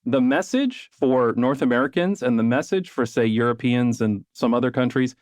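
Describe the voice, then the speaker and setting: A man hosting a conversational podcast, casual and animated, swearing and mimicking people to make his point. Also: mid-range voice, moderate pace, dry recording. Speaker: podcast host and video creator.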